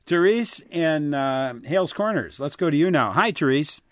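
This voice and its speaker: A man's voice: on the high side, expressive, moderate pace, fairly bright tone, no room sound. A man hosting a call-in radio talk show from a studio, speaking casually with plenty of fillers.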